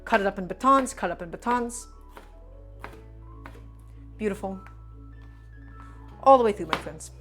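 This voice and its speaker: A woman's voice: mid-range voice, lively intonation, a little slow, pauses often, fairly bright tone, soft background music. A woman hosting a live cooking stream from her home kitchen, chatting enthusiastically with viewers as she chops vegetables. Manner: enthusiastic, repetitive, addresses viewers as friends.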